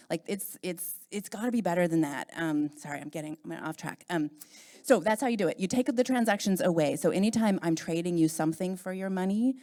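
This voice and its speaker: A woman speaking as a panelist at an event industry discussion, emphatic and animated. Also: low voice, vocal fry.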